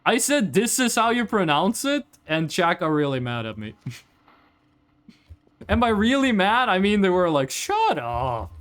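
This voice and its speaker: A man from Norway, chatting to viewers during a live game stream in an animated, joking, rambling way. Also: high voice, normal speed, clear, resonant tone.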